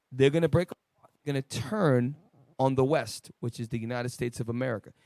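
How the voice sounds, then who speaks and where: Male Bible teacher, slightly high voice, emphatic preaching, dry sound. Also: no echo. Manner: emphatic, swinging loud and quiet, restarts. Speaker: lead teacher of a Bible study show.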